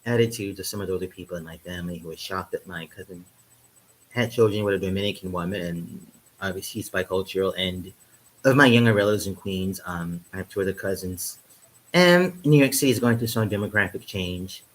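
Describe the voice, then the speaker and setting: Sipping wine indoors somewhere in Europe, a vlogger rambles and jokes to the camera in a casual comedic monologue, peppering it with "um" and chuckling at his own gags. His voice is low and fairly quick, and the low-quality recording carries a slight hiss or hum.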